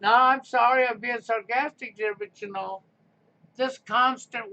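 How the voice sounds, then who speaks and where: A man's voice: very high-pitched, fairly even intonation, unhurried, sharp tone. A man hosting a live stream, delivering a combative, sarcastic rant. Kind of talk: ranting live stream monologue. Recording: muffled lo-fi stream audio with faint noise.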